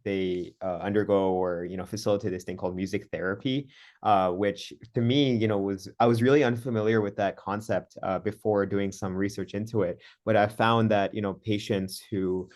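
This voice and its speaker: A podcast host with a low-pitched man's voice. He asks long, rambling questions and leans on fillers and hesitations as he goes. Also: fairly even intonation, normal speed, a little mellow. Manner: hesitant, many fillers and you-knows. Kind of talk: interview questions.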